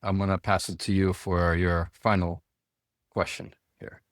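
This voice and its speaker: A man co-hosting a podcast, briskly wrapping up with a few stumbles before handing over. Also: deep voice, little pitch movement, no echo, studio quality. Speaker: podcast co-host. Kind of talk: podcast interview.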